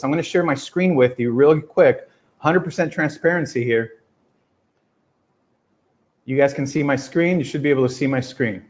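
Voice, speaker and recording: A man giving an energetic, emphatic motivational talk to a group, telling stories and acting out quotes. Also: a little high. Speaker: business coach. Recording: lo-fi muffled audio.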